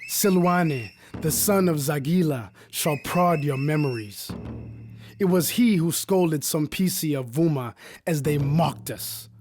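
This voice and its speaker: A fierce warrior king calls out his foes in a commanding, scornful voice, pitched a little high and ringing, as a male narrator puts him on. Music plays steadily behind him in this epic audiobook. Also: takes it slowly. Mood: defiant. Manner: commanding, scornful, shouting out challenges. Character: fierce triumphant Zulu king, adult man.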